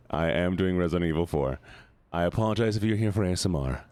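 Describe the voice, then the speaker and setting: A man streaming a game live, excitable, swearing often and repeating words in quick bursts while he chats to viewers. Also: sits low. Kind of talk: live gameplay stream chat.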